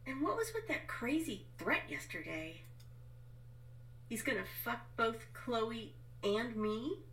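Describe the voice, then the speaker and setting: A woman's voice: a little high, expressive, slow, fairly bright tone, slight background noise, rough recording. A woman voicing a sleepy, irritated young woman who talks in a dismissive drawl. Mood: sleepy grumbling.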